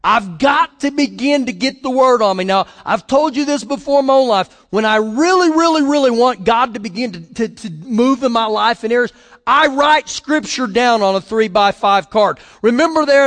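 A man's voice: extremely high pitch, brisk, fairly bright tone, long reverb tail. A man preaching a sermon as pastor, emphatic, repeating phrases and putting questions to his listeners.

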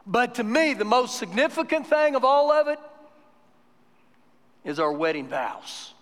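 Pastor guy preaching live, really high voice, big church echo. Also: big pitch swings, a little slow, fairly bright tone. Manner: conversational storytelling building to emphatic preaching. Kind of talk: sermon. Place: church sanctuary during a live service. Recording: long church hall reverb.

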